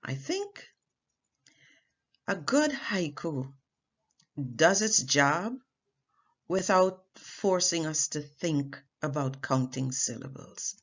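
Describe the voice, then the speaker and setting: A woman teaching artist giving a poetry lesson, speaking in a slow, deliberate way with measured pauses. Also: low voice, animated, breathy edge, highs cut off.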